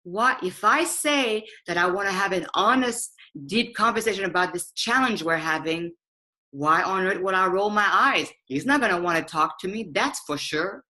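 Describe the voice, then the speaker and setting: A woman's voice: mid-range voice, animated, moderate pace, bright, forceful tone, poor audio. Earnest woman talking about honesty. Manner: earnest, emphatic, acts out her own inner thoughts. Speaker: speaker in a conversation. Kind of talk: reflective conversational talk.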